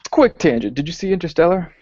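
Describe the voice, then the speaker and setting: Quick and expressive, a man with a fairly high voice co-hosts a podcast, hesitantly thinking aloud with lots of fillers as he chats casually about films. Behind the dry, dull lo-fi audio there's a noisy background.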